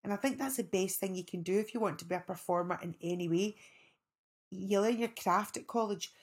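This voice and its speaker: A woman's voice: medium pitch, a little fast, slightly rough. A middle-aged Scottish woman, an actress guest, telling rambling anecdotes in casual chat. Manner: animated, rambling anecdotes with restarts.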